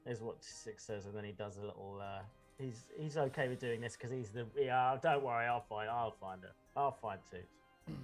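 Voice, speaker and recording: A man's voice: medium pitch, moderate pace, soft background music. Rambling man player, filler-heavy. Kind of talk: casual tabletop play. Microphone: video call.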